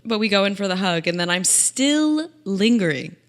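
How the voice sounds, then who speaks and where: A woman's voice: mid-range voice, animated, normal speed. A young adult woman hosting a podcast, telling funny personal stories in a chatty, self-mocking way and laughing often. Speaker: podcast host. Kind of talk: comic personal storytelling.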